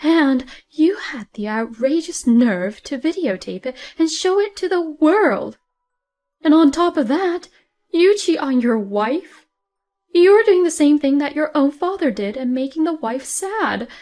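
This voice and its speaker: A woman voicing a stern, outraged older mother-in-law who scolds firmly and deliberately. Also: high voice, very animated, darkish tone. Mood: indignant.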